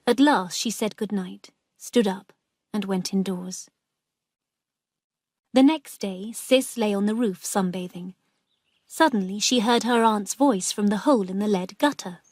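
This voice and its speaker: A woman narrating a graded story for English learners in a slow, careful way. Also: medium pitch, darkish tone, no room sound, studio quality.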